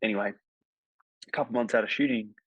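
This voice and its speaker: A man, an actor appearing as a podcast guest, tells a fast, long, rambling anecdote full of fillers in a casual interview. His voice is low and gravelly. The recording is dull, dry, and lo-fi, with no room sound.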